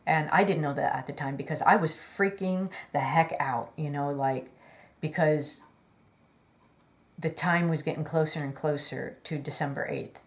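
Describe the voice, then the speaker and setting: A woman's voice: deep voice, normal speed. A woman telling a personal story in a chatty, rambling way, earnest and full of fillers and apologetic asides. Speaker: vlogger.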